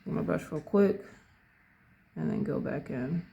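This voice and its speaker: Mellow, gravelly painting tutor. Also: mid-range voice, a little slow. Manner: calm, thinks aloud, corrects own words mid-phrase. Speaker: painting instructor. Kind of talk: casual step-by-step painting tutorial.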